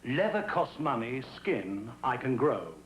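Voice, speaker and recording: A man's voice: mid-range voice, sing-song. A man delivering a jaunty stand-up monologue on an old TV show. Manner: brisk, jaunty joke-telling. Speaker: stand-up comedian. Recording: old TV audio with faint hiss.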